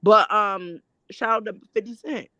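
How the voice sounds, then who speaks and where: A woman's voice: medium pitch, unhurried, a bit bright, dry recording. A woman hosting a casual gossip chat, talking bluntly with lots of swearing and stop-start restarts. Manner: blunt and profane, rambling restarts. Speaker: host. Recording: dull lo-fi dry sound.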